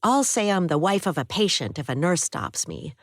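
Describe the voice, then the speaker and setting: A woman narrating an audiobook, telling the story in a steady first-person voice. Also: fairly low pitch, moderate pace, no echo, studio quality.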